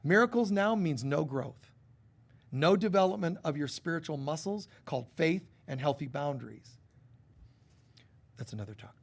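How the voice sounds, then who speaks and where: A man preaching a spiritual sermon with a somewhat high voice. He talks in a lively, animated way and acts out the voices he quotes. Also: moderate pace, vocal fry, long pauses. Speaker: spiritual teacher. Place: church hall.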